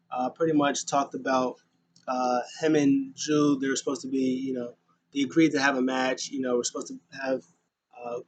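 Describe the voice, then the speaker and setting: A man talks through last night's wrestling in a loose, rambling way, full of ums and uhs. His pitch sits in an ordinary middle range. A faint hiss of background noise runs under the voice. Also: poor audio. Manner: rambling, filler-heavy retelling with quick voiced asides. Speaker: wrestling show recap host. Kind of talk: casual recap of a wrestling show.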